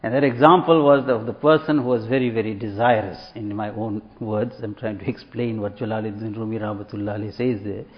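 A man's voice: lowish voice, steady tone, brisk, few pauses. A man giving a sermon, telling a parable and acting out the voices of the people in it. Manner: storytelling, acts out quoted voices. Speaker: religious speaker. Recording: echoey hall, dull lo-fi sound.

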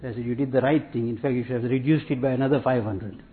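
Guy preaching a sermon, steady repeating rhythm, sounds like it's over a phone line. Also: medium pitch, a little hiss or hum. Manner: measured, repetitive preaching cadence. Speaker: Islamic preacher. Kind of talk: sermon with anecdotes. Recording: tinny phone-like audio.

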